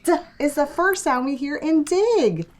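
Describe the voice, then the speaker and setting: A young woman teaching a phonics lesson to small children, stretching out sounds in a slow, encouraging voice. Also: sits high, expressive. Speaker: preschool teacher.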